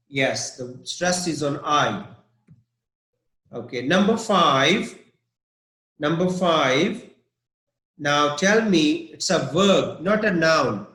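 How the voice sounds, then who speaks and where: In an online vocabulary lesson, a male English teacher speaks very slowly and carefully, repeating each word several times so students can catch it. His voice is slightly high and fairly bright, with lively intonation. A noticeable room echo colors the sound.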